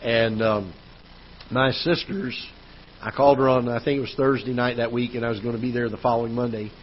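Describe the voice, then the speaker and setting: Pastor telling a story in a sermon. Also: male voice, medium pitch, steady tone, fairly quick, muffled recording, slight background noise. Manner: storytelling, conversational, with repeated restarts. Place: church auditorium.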